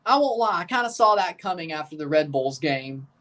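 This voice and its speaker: A man's voice: a little high, expressive, brisk, fairly bright tone. Man chatting through a live match. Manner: chatty, nervous, calls out play as it happens. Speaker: streamer reacting to a live match. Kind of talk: casual live watchalong commentary.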